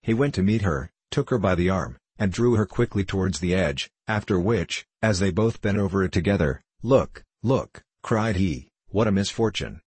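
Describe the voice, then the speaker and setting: A young prisoner recounts his boyhood, as a man reads him aloud. The voice sits very low with a husky grain, in a measured, even storytelling manner. The recording is dry and close, with no room sound. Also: dry recording. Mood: grave. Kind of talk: audiobook reading.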